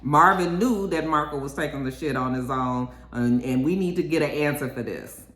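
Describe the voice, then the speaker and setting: Casual recap vlogger, animated, chatty, cooking at home, echoey kitchen. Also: medium pitch, normal speed. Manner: animated storytelling, tag-on okays. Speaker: TV show reviewer. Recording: echoey room.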